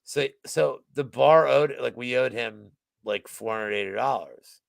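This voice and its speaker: A podcast guest with a mid-range, gravelly voice tells a story in casual chat at an unhurried pace, rambling with constant fillers, leaning heavily on "like," and swearing often. There's no room sound.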